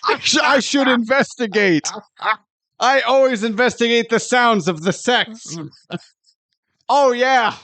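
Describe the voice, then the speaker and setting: Picture a nosy, self-important airship inventor speaking in grand, mock-formal tones, as a man puts him on. His voice sits high and bright. The recording is close and dry with no room sound. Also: slow, long pauses, no room sound, full character voice. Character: pompous male airship inventor eavesdropping.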